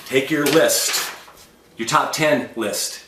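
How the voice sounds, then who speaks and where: A man's voice: medium pitch, takes it slowly, far from the mic, background noise. A man giving an instructional sales training talk, emphatic and confident in a coaching tone. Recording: echoey room, voice set back from the mic.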